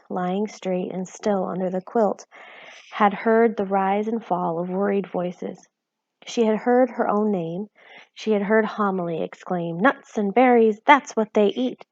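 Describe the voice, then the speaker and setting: A woman reads a children's novel aloud in a calm, even storytelling voice at a middle pitch. The sound is dull and lo-fi. The room is dry, with no echo. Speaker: reader.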